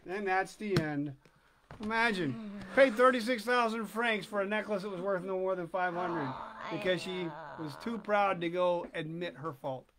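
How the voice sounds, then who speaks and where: A man hosting a reading channel, reading a classic short story aloud slowly and deliberately, with dramatic pauses. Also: high-pitched, a crowd in the background. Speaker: host and story reader.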